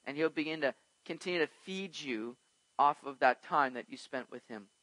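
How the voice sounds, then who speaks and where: Man pastor, bright and forceful, slightly high voice, animated verse-by-verse preaching, dry close sound. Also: normal speed, no room sound, low-quality recording. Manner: animated, asks the congregation questions and acts out little scenes. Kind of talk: expository sermon on Proverbs.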